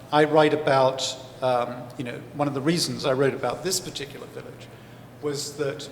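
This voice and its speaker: A man's voice: medium pitch, a little hiss or hum. A male author being interviewed on stage, explaining at length in a thoughtful way with many fillers and restarts. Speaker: author and historian, interview guest. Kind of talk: live festival interview. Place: large hall at a book festival. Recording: echoey hall with faint ambience.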